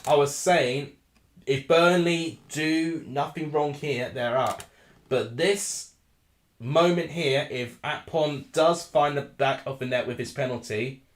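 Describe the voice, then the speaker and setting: A man hosting a live football watchalong, excitable and flustered, swinging between ranting and calm analysis over a desk microphone. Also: mid-range voice, reverberant. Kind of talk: live match commentary and chat.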